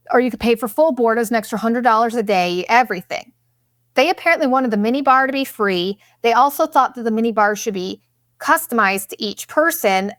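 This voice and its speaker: A young woman hosting a podcast, telling a travel story in a casual, animated, profane way. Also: a little high, no room sound, clean studio sound. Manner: profane, animated, exaggerated retelling. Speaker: podcast host.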